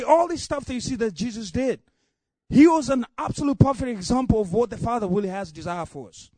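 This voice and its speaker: A man preaching a sermon with passion, building repeated refrains up to shouts and dropping low to tell a story. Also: no room sound. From Africa.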